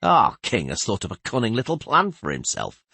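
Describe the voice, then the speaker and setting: A man's voice: lowish voice, huge pitch swings, normal speed, gravelly, bright, forceful tone, slightly rough, no echo, pitched above the performer's own voice, heavily acted. A man voicing a calculating, sardonic king in an audiobook. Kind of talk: audiobook character voice.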